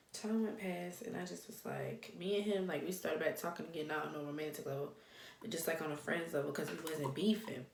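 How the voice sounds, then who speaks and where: Young woman vlogger, casual storytime, low-pitched voice, echoey room. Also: gravelly. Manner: animated, swearing, loose slangy talk. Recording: echoey room, faint noise.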